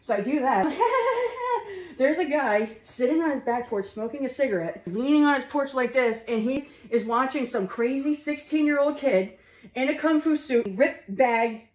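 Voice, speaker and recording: Woman, casual comic storyteller, laughs through lines, a little high, roomy echo. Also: normal speed. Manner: laughing through her words, animated, swearing. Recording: roomy echo with faint music.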